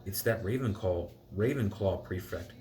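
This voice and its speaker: A man's voice: deep voice, normal speed, darkish tone, natural voice. A man reading a giggly, teasing young girl. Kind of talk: reading a storybook aloud.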